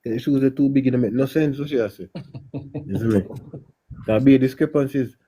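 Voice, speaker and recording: A man's voice: mid-range voice, moderate pace, mellow, husky. A man from Jamaica with a Jamaican accent, chatting casually and emphatically, often tossing in tag questions. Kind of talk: casual chat.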